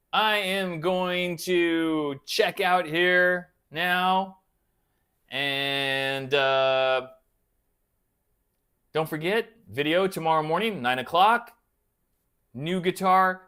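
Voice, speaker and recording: Lively chatty man hosting a livestream. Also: a little high. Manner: chatty, answers viewer comments aloud; self-deprecating and playful. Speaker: livestream host of a guitar channel. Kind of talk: casual live-chat banter.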